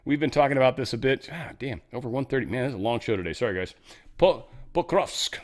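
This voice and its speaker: A man's voice: medium pitch, expressive, fast talker. A man hosting a casual news commentary show, rambling and sarcastic, swearing now and then and slipping into mock voices. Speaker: host.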